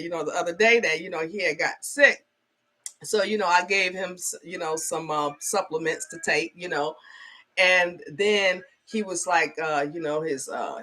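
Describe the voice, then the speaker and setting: Middle-aged woman, bright forceful voice, chatty vlog storyteller who keeps saying "okay?". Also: on the low side. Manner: chatty, peppered with "okay?" and "you know". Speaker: spiritual advisor.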